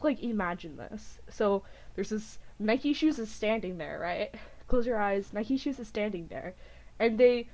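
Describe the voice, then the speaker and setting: A woman's voice: mid-range voice, darkish tone. A young woman co-hosting a podcast, telling a rambling, giggly story in casual chat and acting out what people said. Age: young adult. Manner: rambling, giggly, acts out quotes with voices. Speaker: podcast co-host.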